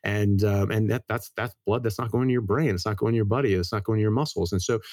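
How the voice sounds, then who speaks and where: Middle-aged man, doctor guest, quick and lowish, stumbles and restarts, dry close sound. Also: no echo. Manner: rapid, repeats words and restarts phrases; lively storyteller. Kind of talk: casual interview talk.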